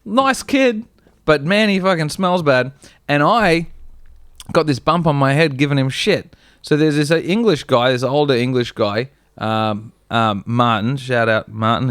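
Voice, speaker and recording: A young Australian man with a smooth, resonant voice, telling rambling, profane anecdotes on a comedy podcast. The sound is dry and close, with no room around it. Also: medium pitch, normal speed, a bit bright, no room sound. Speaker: podcast co-host. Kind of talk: casual comedy chat.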